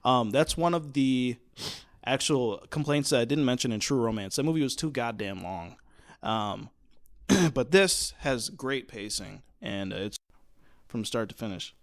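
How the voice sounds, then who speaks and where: Relaxed man co-hosting a film podcast. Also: medium pitch, unhurried, no room sound, studio quality. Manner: relaxed and conversational, with fillers. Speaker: podcast co-host. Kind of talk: casual film discussion.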